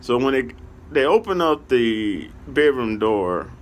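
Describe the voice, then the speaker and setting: A man from Kansas City, Missouri, telling a casual story to his channel's viewers, rambling and filling pauses with "okay" and "you know.". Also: mid-range voice, sing-song.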